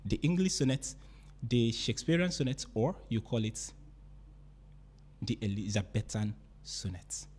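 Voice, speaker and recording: A man's voice: medium pitch, a little mellow. A man teaching a literature lesson, explaining step by step and repeating and rephrasing his points. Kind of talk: explanatory lecture.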